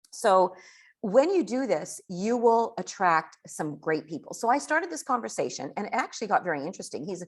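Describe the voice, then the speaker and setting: A woman giving a casual coaching talk on network marketing, chatty and animated. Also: lowish voice, slightly rough. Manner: chatty, animated, acts out quoted dialogue.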